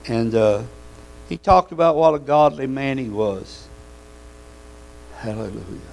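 A man's voice: medium pitch, animated, unhurried, creaky, low-quality recording. A man preaching a sermon in a folksy, fervent way, calling out amens and hallelujahs.

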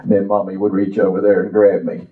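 An older man preaching a sermon, reciting a poem and telling his own story with impassioned, drawn-out phrases. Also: sits low, little pitch movement. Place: church. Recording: echoey, distant, dull church audio.

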